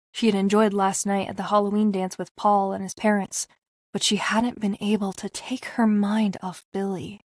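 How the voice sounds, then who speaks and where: A woman narrating a young adult mystery audiobook in a measured, expressive storytelling voice. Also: mid-range voice, dry recording, studio quality. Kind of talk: scripted narration.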